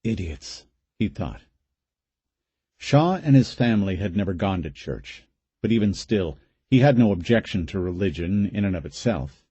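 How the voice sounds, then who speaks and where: A man's voice: on the low side, animated, normal speed, mellow, breathy edge, dry recording, muffled recording. A man reading a horror audiobook aloud in a dramatic, suspenseful way. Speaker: audiobook narrator. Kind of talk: scripted narration.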